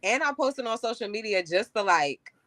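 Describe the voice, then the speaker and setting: A woman's voice: mid-range voice, expressive, normal speed, bright, forceful tone, no echo. A young woman in casual conversation, candidly recounting her dating mistakes and saying "like" and "you know" often. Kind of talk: casual chat.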